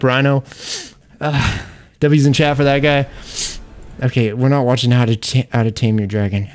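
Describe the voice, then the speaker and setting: A man's voice: mid-range voice, darkish tone. A young man streaming a game live, chatting with viewers, laughing, venting frustration and swearing. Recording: faint music behind.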